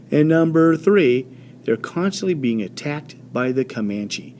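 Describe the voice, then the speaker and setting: A man teaching a history lesson in an animated storytelling way, with many fillers and quick voiced quotes. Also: mid-range voice, a little hiss or hum. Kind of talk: classroom history lecture.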